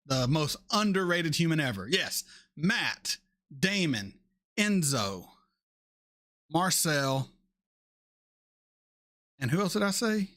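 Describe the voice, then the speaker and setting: A man in his thirties hosting a casual chat, answering viewer questions in a blunt, animated way and swearing freely. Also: fairly high pitch, slow, pauses often. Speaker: reaction channel host.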